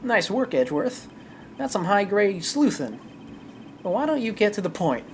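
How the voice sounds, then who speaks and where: A streamer voicing a brash, excitable male detective with a raised, eager voice while reading a game aloud. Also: mid-range voice, normal speed, slight background noise, voice pushed up.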